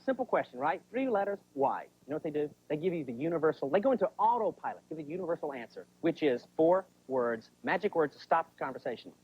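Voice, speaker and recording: A man's voice: a little high, very animated, quick pace, hardly any pauses, husky. A man doing a stand-up comedy routine, chatty and constantly checking in with the crowd. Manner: chatty, keeps asking the crowd "right?". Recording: dull 1980s TV sound.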